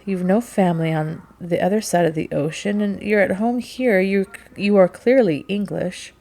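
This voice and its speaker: A woman's voice: mid-range voice, moderate pace, dark tone, natural voice. A woman reading the part of an outspoken young woman who questions in a precise, analytical way. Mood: probing.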